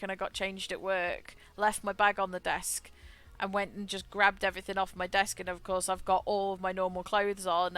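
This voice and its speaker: Chatty woman with a bright voice. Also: mid-range voice, clear, resonant tone. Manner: chatty and rambling, laughs often. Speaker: streamer. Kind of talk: casual chat while gaming.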